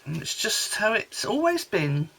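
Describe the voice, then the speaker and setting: Welsh-born lady chatting through card making, bright gravelly voice, faint hiss. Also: medium pitch, sing-song, a little slow, poor audio. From Wales. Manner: chatty, homely, rambling asides while working. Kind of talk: casual crafting tutorial chat.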